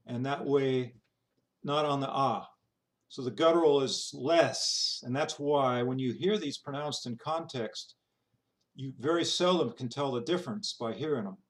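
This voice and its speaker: A man walks through pronunciation in a loose, informal lesson. He demonstrates each sound aloud and often stops to restart or fill a pause. His voice sits at an ordinary middle pitch. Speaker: teacher.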